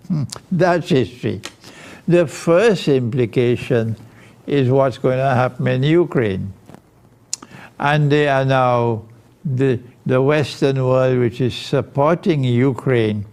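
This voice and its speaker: Very slow, deliberate male preacher. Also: mid-range voice, a little mellow. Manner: deliberate and emphatic, with short rhetorical questions. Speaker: Islamic preacher. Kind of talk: measured religious lecture.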